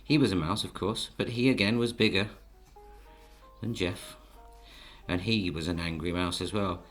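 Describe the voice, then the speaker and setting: Bloke drawing and telling a kids story, deep gentle voice, soft music behind. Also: male voice, moderate pace. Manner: gentle, coaxing, speaks to the audience. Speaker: children's storyteller and illustrator. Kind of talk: storybook narration while drawing.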